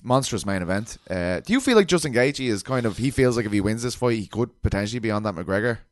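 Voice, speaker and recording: Fast-talking podcast host. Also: male voice, fairly low pitch, lively intonation, no room sound. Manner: chatty, laughs easily. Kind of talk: casual chat.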